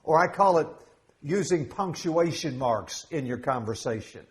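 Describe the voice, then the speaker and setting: Middle-aged preacher guy in a church, chatty and joking, voice sits a bit high. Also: lively intonation, measured pace. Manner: conversational and humorous, with asides and jokes. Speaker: pastor. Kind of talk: sermon. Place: church sanctuary.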